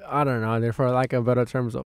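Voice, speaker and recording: A man's voice: medium pitch, fast, clean tone, no room sound, studio quality. A young man hosting a podcast in casual chat, telling stories animatedly, swearing a lot and acting out what people said. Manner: animated storyteller, swears a lot, acts out quotes. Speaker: podcast host.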